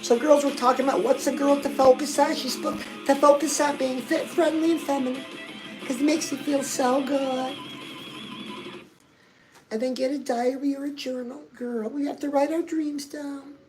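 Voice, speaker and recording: A woman puts on a chirpy, pushy lifestyle-guru persona for a comedic monologue, chatting gushingly to the viewer and calling her "girl" over and over. Her high-pitched voice is close to her everyday one, with fairly even intonation and a moderate pace, and the poor audio has loud music underneath.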